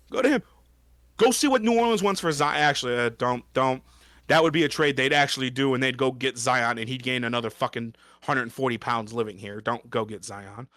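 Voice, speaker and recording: An angry man rants about his team, voice pitched high and swinging wildly up and down. His tone is bright and sharp, and the sound is dry and close. He swears constantly and stumbles over his own words. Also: no echo. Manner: angry, swearing, repeats himself. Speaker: podcast co-host. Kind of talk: profane sports rant.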